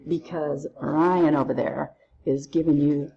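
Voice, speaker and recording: A woman teaching a recorded lesson through counting drills, playful and quick to use silly memory tricks. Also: low-pitched, steady tone, creaky, dark tone, husky, dull audio. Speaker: Spanish teacher.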